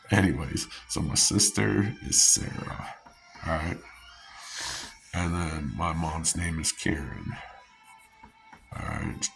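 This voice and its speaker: Male vlogger, deep voice, loose meandering storyteller who laughs at his own tales. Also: takes it slowly, creaky, long pauses, a bit bright, faint music behind. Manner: meandering, chuckling, many restarts and fillers. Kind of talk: rambling personal storytelling.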